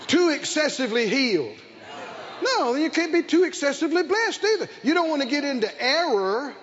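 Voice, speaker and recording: An older man preaching a sermon, calling for responses from the congregation and building to shouted emphasis on a dull lo-fi recording. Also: very high voice, very animated, fairly quick, crowd noise, noisy background. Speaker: pastor.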